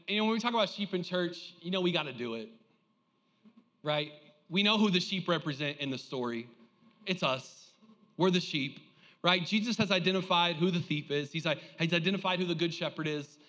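A male pastor preaching a lively sermon, joking and calling on the congregation to respond. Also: high voice, fairly quick, long reverb tail, muffled recording.

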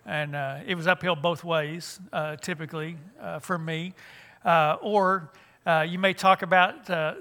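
Bright-voiced older man, folksy. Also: on the high side. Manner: folksy, joking, frequent restarts. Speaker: church conference speaker. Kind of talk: humorous seminar talk.

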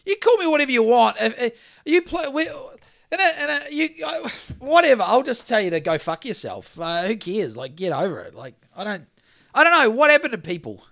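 A man's voice: extremely high pitch, sing-song, normal speed, vocal fry, a bit bright. Ranting, swearing New Zealand man. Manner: profane, heated ranting. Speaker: podcast co-host. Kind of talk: casual podcast rant.

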